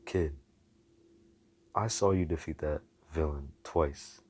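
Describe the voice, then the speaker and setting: A man's voice: rumbling low, slow pace, darkish tone, husky, exaggerated voice. A man voicing a big, muscular male hero who speaks casually but firmly. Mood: serious.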